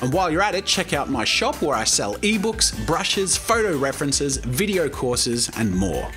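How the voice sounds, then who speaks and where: A high, bright-sounding man hosts his let's play with eager, chatty energy, tossing in quick asides to his audience. Faint music plays under his voice. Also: sing-song. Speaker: host. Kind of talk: game let's play commentary.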